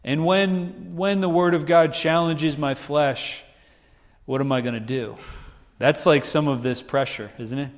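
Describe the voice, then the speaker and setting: A man preaching a sermon in a conversational style, his pitch rising whenever he acts out quoted voices. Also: in a large hall. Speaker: pastor.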